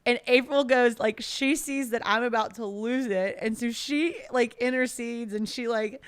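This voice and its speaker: A young woman on a podcast, chatting casually and telling animated stories, often laughing. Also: on the high side, normal speed. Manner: animated storytelling, laughs a lot. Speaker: podcast guest. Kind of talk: casual chat.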